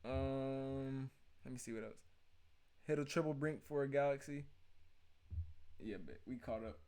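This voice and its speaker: A man hosting a livestream, casually joking and trash-talking with his chat in loud slang banter. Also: mid-range voice, a little slow. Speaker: livestream reaction host.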